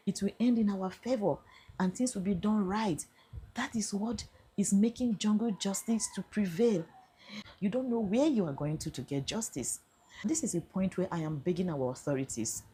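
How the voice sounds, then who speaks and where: A woman's voice: mid-range voice, moderate pace, dark tone, breathy edge. A middle-aged Nigerian woman telling her own story in an emphatic way, building to passionate appeals. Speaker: vlogger. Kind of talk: personal storytelling.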